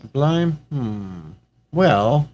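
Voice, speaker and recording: A man in a casual stream chat, making slow, dry wisecracks. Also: medium pitch, big pitch swings, a little mellow.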